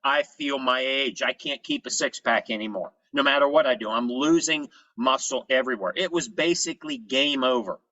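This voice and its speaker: Guy giving a pumped-up health talk, bright forceful voice, kinda dull lo-fi sound. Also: medium pitch, moderate pace, few pauses. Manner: energetic storytelling in short punchy phrases. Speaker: presenter. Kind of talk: motivational health presentation.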